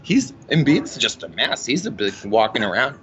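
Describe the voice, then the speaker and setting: A man's voice: medium pitch, big pitch swings, moderate pace, slight background noise, voice pushed down, lightly acted. A man imitating his older mother, a chatty sports fan with blunt opinions who keeps calling people "dear". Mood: opinionated. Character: older woman, sports-mad mom, sassy, chatty.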